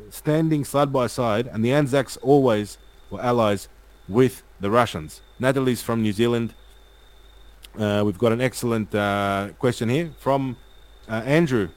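A man's voice: medium pitch, low-quality recording. A man hosting a casual live stream, reading viewer comments aloud and rallying his audience.

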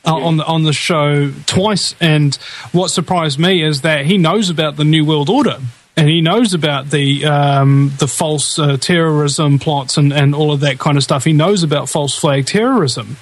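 Male talk host, slightly high voice, emphatic, halting delivery. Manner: emphatic, hesitant with many uh's. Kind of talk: casual conversation.

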